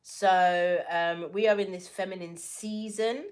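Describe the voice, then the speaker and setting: A woman's voice: fairly low pitch, fairly even intonation, takes it slowly. A woman giving a casual oracle card reading, playful and affirming, with slangy asides to her viewers. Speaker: tarot and oracle card reader.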